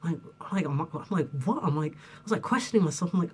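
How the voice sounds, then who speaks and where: A man's voice: on the high side, lively intonation, quick pace, darkish tone, breathy edge. A young man ranting to camera in a rambling, heated way, swearing often and filling his talk with "like". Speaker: vlogger. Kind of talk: unscripted rant to camera.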